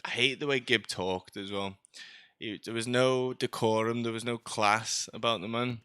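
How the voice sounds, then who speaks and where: Bright-voiced chatty man. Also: medium pitch, fairly even intonation, normal speed, clean tone, no echo, clean studio sound. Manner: chatty, joking, sarcastic asides. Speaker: streamer. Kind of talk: rambling gameplay commentary.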